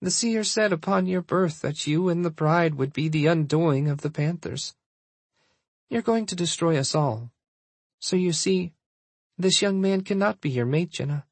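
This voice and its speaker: A man voicing a worried, overbearing middle-aged mother in an audiobook, pleading and insistent, with a husky voice. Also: fairly high pitch, a little slow, no echo, pitched above the performer's own voice. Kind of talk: audiobook character voice.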